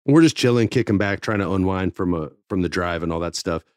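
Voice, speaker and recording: A man, a former wrestling TV writer, telling a casual backstage story with lively acted-out quotes and free swearing. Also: low voice, fast, no echo, clean studio sound. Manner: animated, swears freely, acts out quotes.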